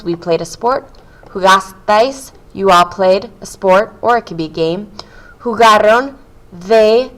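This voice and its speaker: A woman's voice: mid-range voice, fairly bright tone, low-quality recording. Woman teacher drilling Spanish verbs. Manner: clear, patient drilling of verb forms. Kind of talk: video grammar lesson.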